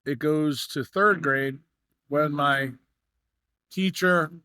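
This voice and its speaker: A man's voice: fairly high pitch, takes it slowly, pushed and bright, clear, resonant tone, dry recording, clean studio sound. A middle-aged man from New York, a podcast guest telling long anecdotes with many fillers and acted-out dialogue. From New York, USA. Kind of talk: storytelling in a podcast interview.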